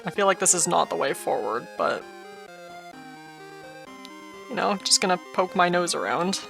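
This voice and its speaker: Gravelly-voiced woman playing a game. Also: lowish voice, lively intonation, normal speed, music in the background. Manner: playful, joking, chatty. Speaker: let's play host. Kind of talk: casual game commentary.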